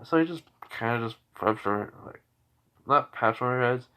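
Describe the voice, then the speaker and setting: A man casually telling a fan story off the cuff, wandering through it with fillers and restarts. His voice sits at a middling pitch. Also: moderate pace, sharp tone, clear, resonant tone.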